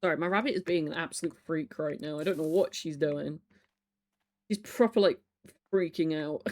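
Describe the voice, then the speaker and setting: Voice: mid-range voice, normal speed, darkish tone. A streamer chatting casually with viewers from home, teasing, swearing and laughing often. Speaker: live streamer. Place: home, with a pet rabbit.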